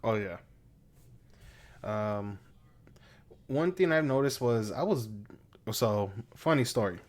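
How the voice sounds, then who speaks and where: A man's voice: mid-range voice, expressive, slow. A man co-hosting a podcast, telling stories in a crude, joking way and laughing often. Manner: crude, storytelling, laughs a lot. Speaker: podcast co-host. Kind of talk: casual chat.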